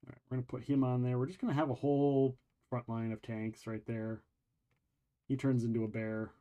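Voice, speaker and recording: A man's voice: medium pitch, fairly quick, highs cut off. Guy hosting a stream, chatting loose about his game team, lots of ums, mid voice. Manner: rambling, relaxed, lots of ums and restarts. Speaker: show host. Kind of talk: casual game walkthrough chat.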